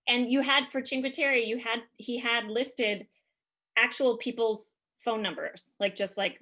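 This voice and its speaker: Brief: woman guest, bright and fairly high voice, chatty comic storyteller who rambles. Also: steady tone, unhurried. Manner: chatty, rambling with many fillers and laughs. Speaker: podcast guest.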